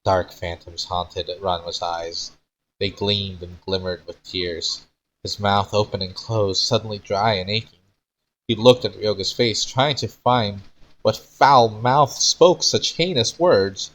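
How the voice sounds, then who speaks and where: A man's voice: lowish voice, steady tone, slow, a bit bright, rough recording. A man streaming as he reads his own old fan fiction aloud with theatrical flair and small stumbles. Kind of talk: dramatic reading aloud.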